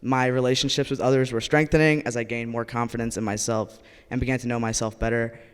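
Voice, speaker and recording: A man's voice: medium pitch, little pitch movement, fast talker, smooth, in a large hall. Earnest young man telling a story. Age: young adult. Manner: earnest, with wry asides. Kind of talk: personal story told live. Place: stage at a live event.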